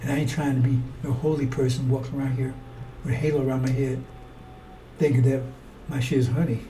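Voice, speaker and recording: Blunt, profane preacher, distant mic. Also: male voice, medium pitch, little pitch movement, fast talker, mellow. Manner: blunt, profane, rambling, with acted-out quotes. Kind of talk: fiery street-style sermon. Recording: distant mic with faint noise.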